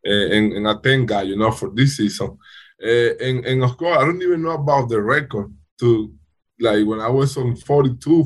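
Husky man in halting second-language English. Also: medium pitch. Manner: halting non-native English with frequent restarts. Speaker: baseball player guest. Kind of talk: casual interview talk.

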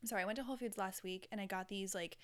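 Woman podcast host, chatty and candid, smooth clear tone, mid-pitched. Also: fairly even intonation, rapid-fire, a bit bright. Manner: chatty, rambling, candid with casual swearing. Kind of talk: casual solo podcast chat.

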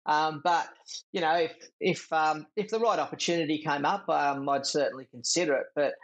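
Brief: middle-aged Australian bloke, a touch high-pitched, rambling and laughing as an interview guest. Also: male voice, fairly even intonation, normal speed. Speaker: guest, former jockey. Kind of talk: casual chat.

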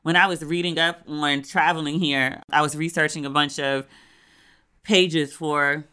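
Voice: medium pitch, steady tone, unhurried, bright, forceful tone, smooth. An American talking casually and candidly about their travels in a solo recording, swearing freely and acting out what others said. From United States.

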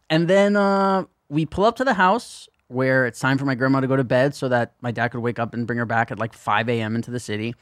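A man's voice: medium pitch, fast talker, no echo. Dry-voiced man telling a rambling story. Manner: rambling storyteller, swears often. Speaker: podcast co-host. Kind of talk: casual chat.

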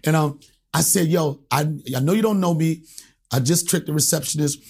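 A stand-up comedian from Alexandria, Virginia, telling profane stories as a guest and acting out the voices in them. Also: male voice, fairly high pitch, moderate pace, gravelly, darkish tone, breathy edge. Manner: profane, acts out voices in anecdotes. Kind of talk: animated storytelling.

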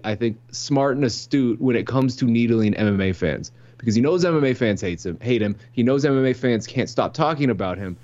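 Joking man, dull lo-fi audio. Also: medium pitch. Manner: animated, joking, restarts mid-sentence. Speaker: podcast co-host. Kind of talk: casual chat.

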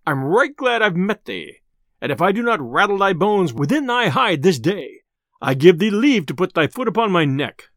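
A man voicing a grim, angry male tinker in a storybook reading, gruff and threatening. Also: sits high, big pitch swings, normal speed, fairly bright tone, no echo, clean studio sound, exaggerated voice.

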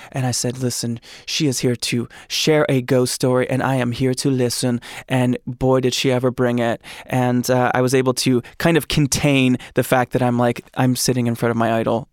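A man hosting a podcast, chatting excitedly and joking while he reads out listener ghost stories. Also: medium pitch, no room sound, clean studio sound. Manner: excitable, gushing and jokey. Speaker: podcast host. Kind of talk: casual podcast chat and reading listener stories.

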